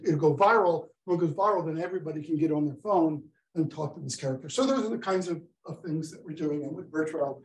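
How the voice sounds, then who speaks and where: A man lecturing to an audience in a room with audible echo. His voice sits high for a man, and he jumps into little acted-out exchanges as he explains, speeding up and slowing down with enthusiasm. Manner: animated, acts out quoted dialogue. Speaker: professor giving a talk.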